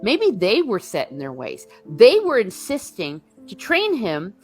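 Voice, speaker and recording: A woman as an interview guest, sharing opinions in animated, casual chat and acting out quotes as she goes. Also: mid-range voice, unhurried, faint music behind.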